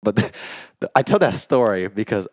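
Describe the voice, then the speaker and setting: A man co-hosting a podcast, telling a story in casual chat, animated and full of "like", acting out what people said. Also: lowish voice, a little fast, no echo. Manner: animated storyteller, acts out quotes, says "like" a lot. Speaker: podcast co-host.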